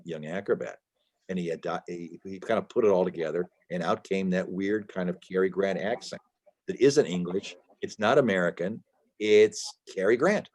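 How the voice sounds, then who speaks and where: A man's voice: low-pitched, a little mellow. A man answering interview questions as an author over a video call, talking at length with emphasis, frequent restarts and fillers. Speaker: author guest.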